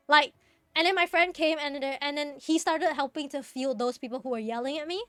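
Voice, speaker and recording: A woman's voice: sits high, moderate pace, a bit bright, dry recording, clean studio sound. A young woman streaming, chatting casually and rambling with lots of fillers, restarts and laughs. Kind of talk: casual chat while gaming.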